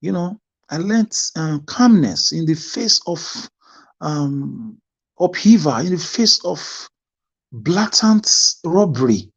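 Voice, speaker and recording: A man's voice: fairly high pitch, animated, slow pace, gravelly, husky, lo-fi sound. A Nigerian man speaking fervently in an online discussion, preaching and repeating phrases for emphasis. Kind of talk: impassioned discussion.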